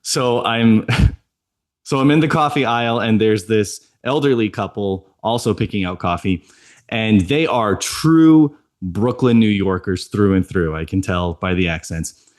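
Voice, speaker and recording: A man's voice: fairly low pitch, measured pace. A man co-hosting a podcast, telling a chatty story and laughing often. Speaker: podcast co-host. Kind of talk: casual chat.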